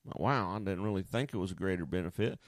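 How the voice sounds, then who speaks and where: A man's voice: low-pitched, fast talker, no room sound. A male pastor preaching a sermon in a folksy, conversational way, often restarting his sentences.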